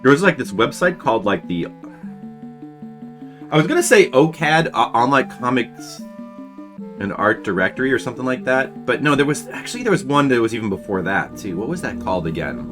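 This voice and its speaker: A man's voice: medium pitch, lively intonation, brisk. A man in his forties chatting casually with his viewers while he draws, rambling through old memories with lots of restarts. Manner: rambling, reminiscing, answering chat with many restarts. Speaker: webcomic artist streaming for patrons. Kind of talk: casual chat while drawing on stream. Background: faint background music.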